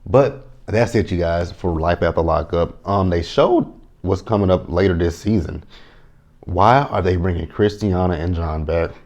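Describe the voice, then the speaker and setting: Low-voiced man with blunt vlog chatter. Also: moderate pace, a little mellow. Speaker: TV reality show reviewer. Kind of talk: casual commentary to camera.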